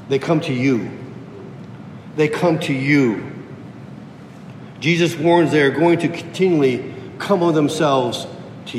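A man preaching a sermon emphatically, repeating key phrases for effect. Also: a little mellow. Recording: echoey hall with faint rumble.

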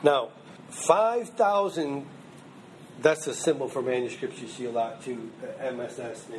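A man with a mid-range voice teaches an informal Bible class at an unhurried pace, with some light background noise present. His delivery is loose and chatty, and he often checks in with "okay?" or "you know what I mean?"

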